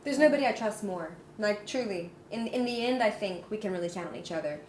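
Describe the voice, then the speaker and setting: A woman's voice: mid-range voice, expressive, fast talker, darkish tone, slight background noise. American woman musician, earnest and thoughtful, echoey room. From United States. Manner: earnest, reflective. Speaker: musician guest. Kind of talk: casual interview chat. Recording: roomy room.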